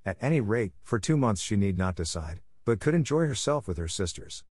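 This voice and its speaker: A man's voice: lowish voice, very animated, fairly quick, darkish tone, no echo, clean studio sound. A man steadily reading a fairy tale aloud as narrator. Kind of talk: storybook read-aloud.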